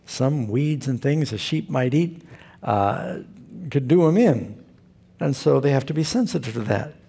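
Folksy male preacher, gravelly, husky. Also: medium pitch, lively intonation, measured pace, dark tone. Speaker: pastor. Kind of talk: sermon.

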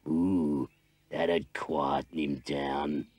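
A man's voice: very deep voice, a bit bright, no room sound, full character voice. A man voicing a scheming, bossy male weasel gang leader who snarls insults and orders at his gang in a storybook audio play. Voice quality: gravelly, snarling.

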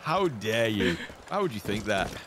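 A man's voice: lowish voice, very animated, normal speed. Teasing gamer man, noisy mic. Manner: teasing, laughing often. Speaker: co-op gaming guest. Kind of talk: casual co-op gameplay chat. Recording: clear background noise.

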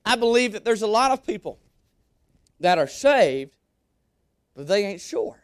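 A man's voice: sits high, sing-song, measured pace, no echo, studio quality. A young man preaching a sermon as a guest preacher, emphatic and repeating his lines. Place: church sanctuary.

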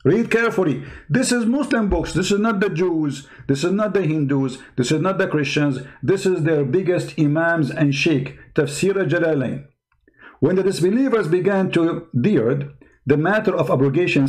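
A man's voice: on the high side, moderate pace, a little mellow. Mocking man. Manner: mocking, laughing, emphatic. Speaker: host. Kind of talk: polemical commentary on clips.

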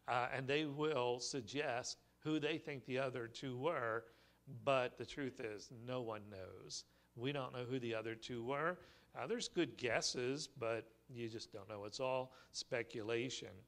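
A male pastor preaching a sermon in a church, telling the story in a relaxed, conversational way with light humor. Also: mid-range voice, unhurried. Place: church sanctuary.

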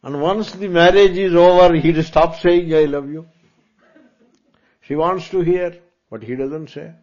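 A man's voice: fairly high pitch, unhurried, a little mellow. Indian guru guy lecturing a class, chatty, asks "eh?" a lot, muffled lo-fi recording. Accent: Indian English. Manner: conversational lecturing with rhetorical asks and Hindi asides. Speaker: spiritual teacher. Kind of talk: Vedanta discourse. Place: lecture hall in front of students.

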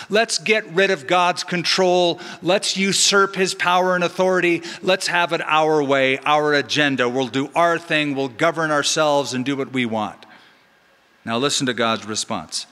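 In a large church sanctuary, a middle-aged pastor gives an animated sermon at a measured pace, tossing in joking asides. His bright, ringing voice sits a touch higher than most men's, and a long reverb from the big hall carries his words.

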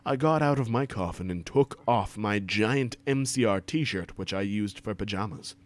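A man's voice: lowish voice, normal speed. A man giving an over-the-top comic reading aloud to friends, stumbling and swearing for laughs, on a desk mic during a voice call. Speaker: reader of a fan fiction for friends.

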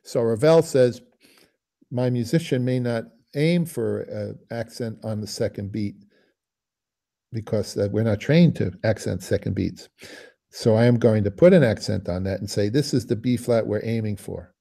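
A man's voice: on the low side, moderate pace, gravelly. A man teaching a music masterclass, musing aloud and singing phrases to explain them. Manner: musing, sings phrases, trails off quietly. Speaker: bassoon teacher giving a masterclass.

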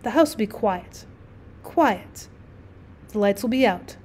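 A woman voicing a blind, smiling inner voice that speaks in hushed tones. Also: mid-range voice, animated, slow.

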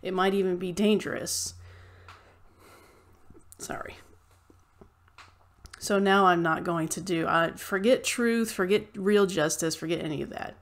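A woman with a fairly low voice talks straight into the mic in an opinion vlog. She rants with passion and addresses her viewers as she argues her point. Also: steady tone, moderate pace, few pauses. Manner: impassioned, ranting. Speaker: vlogger.

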